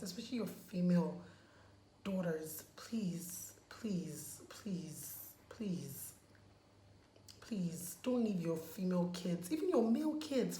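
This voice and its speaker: A woman's voice: mid-range voice, warm tone. A woman chatting casually in a vlog while taking off her makeup, emphatic and pleading, repeating words for stress. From Nigeria. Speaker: vlogger. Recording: echoey room, faint background noise.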